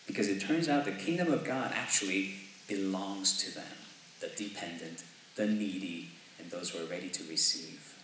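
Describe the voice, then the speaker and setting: A male pastor delivers a casual, conversational sermon, checking in with "right?" between thoughts. His voice sits a bit low but rings bright and forward. It comes from some distance in a very echoey church with a faint hiss. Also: moderate pace. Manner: conversational, asks "right?" often, laughs lightly. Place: church sanctuary.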